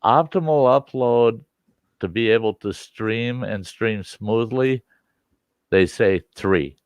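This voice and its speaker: Slow, deep-voiced man chatting casually. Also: smooth, dry recording. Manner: rambling, explains tech step by step. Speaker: livestream host. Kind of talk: casual chat.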